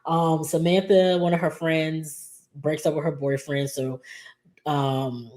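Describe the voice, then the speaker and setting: A woman's voice: low voice, level tone, slow, a little mellow. A woman casually recapping a soap episode in a chatty, loose way, full of ums and likes. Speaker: soap opera recap vlogger.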